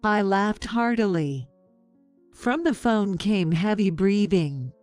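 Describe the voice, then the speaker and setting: Slow, smooth woman narrating a story. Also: mid-range voice, faint music behind. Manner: calm, measured, sarcastic.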